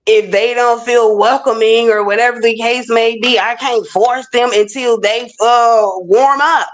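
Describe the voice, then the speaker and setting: A woman's voice: a little high, flat delivery, a little slow. A woman speaking as a guest in a casual talk, making her points emphatically and repeating them firmly. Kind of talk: casual conversation.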